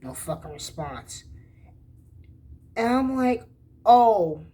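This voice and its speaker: A man's voice: high-pitched, slow pace, husky. A young man casually telling a story, swearing a lot and acting out both sides of the conversation. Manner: profane, animated retelling with quoted dialogue.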